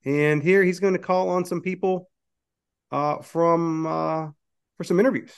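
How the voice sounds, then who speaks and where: A man co-hosting a podcast, reading news items aloud and chatting, with frequent "uh" pauses. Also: fairly high pitch, steady tone, vocal fry, clear, resonant tone. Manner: drawling, many "uh" pauses. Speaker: podcast co-host. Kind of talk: casual political chat, reading news aloud.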